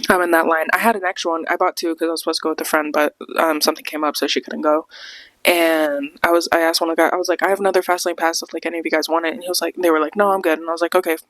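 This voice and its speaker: A woman's voice: sits low, rapid-fire, no room sound. A young woman hosting a podcast, telling a casual storytime with lots of laughs and acted-out quotes. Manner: animated, laughs often, acts out quotes. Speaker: podcast host.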